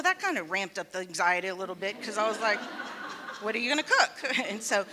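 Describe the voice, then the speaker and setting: Bright-voiced woman telling her story. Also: mid-range voice. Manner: earnest, storytelling, quick laughs. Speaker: summit speaker. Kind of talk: personal story talk. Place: art museum event hall. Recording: long hall reverb.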